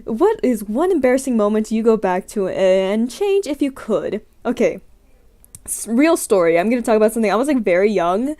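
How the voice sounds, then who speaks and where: A woman's voice: fairly high pitch, very animated, normal speed, warm tone. A young adult woman streamer in her room, chatting casually through scenario questions in a rambling, giggly, self-deprecating way.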